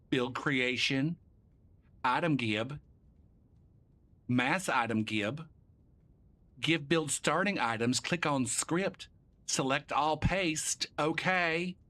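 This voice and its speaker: A man's voice: medium pitch, bright, forceful tone. A male game streamer in casual live-stream chat, rambling and profane, joking and narrating his own clicks as he goes.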